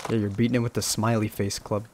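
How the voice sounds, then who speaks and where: A man hosting casual co-op gaming commentary, excitable, swearing often and quick to laugh. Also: fairly low pitch, heavy background noise. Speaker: channel host.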